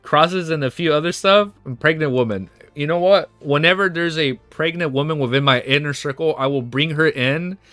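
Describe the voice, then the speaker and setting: A man livestreaming, chatting casually and reading aloud, excitable and laughing often, saying "dude" a lot. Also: on the high side, normal speed, hardly any pauses, no echo, soft background music.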